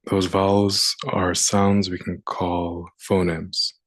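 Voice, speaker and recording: Slow, low-voiced man teaching phonics. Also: level tone, a bit bright, no echo. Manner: slow and deliberate, sounding out words. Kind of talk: phonics lesson.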